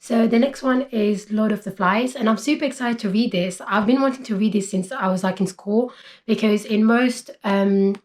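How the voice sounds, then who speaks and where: A woman's voice: mid-range voice, moderate pace, darkish tone. A woman in her twenties, chatting casually about books as a vlogger, full of fillers like "basically" and "like". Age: 20s. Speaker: book vlogger. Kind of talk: casual chat.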